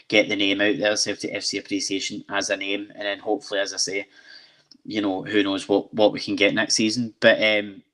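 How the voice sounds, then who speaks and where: A man hosting a casual fan podcast, talking in a low, fairly monotone voice. He wanders through his points with frequent ums and false starts. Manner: rambling, many ums and restarts. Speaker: podcast host.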